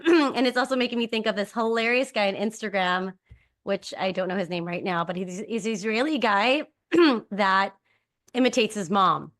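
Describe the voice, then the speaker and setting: A woman's voice: medium pitch, moderate pace, fairly bright tone. Storytelling woman podcast co-host. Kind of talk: reflective conversational podcast.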